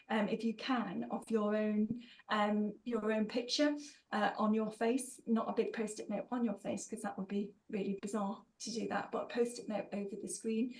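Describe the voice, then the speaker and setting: A woman's voice: fairly high pitch, dark tone, low-quality recording. A woman running a live online training session, upbeat and encouraging, calling out participants by name over a video call. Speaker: workshop trainer.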